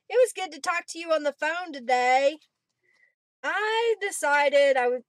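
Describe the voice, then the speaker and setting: A woman's voice: sits high, dry recording. A woman hosting a casual crafting livestream, chatting, laughing often and greeting viewers by name. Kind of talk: casual live-stream chat while crafting.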